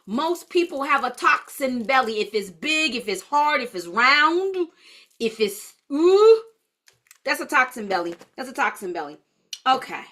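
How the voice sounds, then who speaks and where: A woman's voice: sits high, big pitch swings, measured pace, fairly bright tone. A woman leading a live-streamed holistic health class, chatty and blunt, answering viewer comments as she goes.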